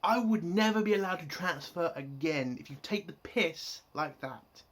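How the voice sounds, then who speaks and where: A man with a somewhat high voice rants through an episode review. He is exasperated and sarcastic and swears constantly as he picks apart the plot. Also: animated, normal speed, slight background noise. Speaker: TV show reviewer.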